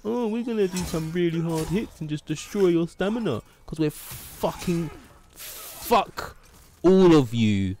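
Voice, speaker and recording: A man's voice: a little high, expressive, a little slow, mellow, pitched above the performer's own voice. A man voicing smug, brutish glowing-eyed tunnel monsters in a mocking sing-song taunt.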